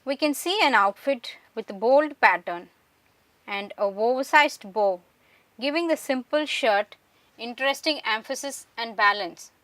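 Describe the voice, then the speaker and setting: Woman reading lecture notes, pretty high bright voice, sounds a bit far from the mic, dry. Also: animated, no echo. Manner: measured, explanatory. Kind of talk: scripted lecture narration. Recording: voice distant from the mic.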